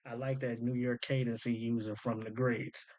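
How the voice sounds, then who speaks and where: Swobodny mężczyzna o zwyczajnym, średnio wysokim głosie rozkłada na części teksty rapowe. Myśli na głos, powtarza wersy i tłumaczy je luźnym slangiem. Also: male voice, medium pitch, little pitch movement, moderate pace, darkish tone. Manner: thinks aloud, repeats lines back, slangy and loose. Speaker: host breaking down rap lyrics. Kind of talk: casual commentary.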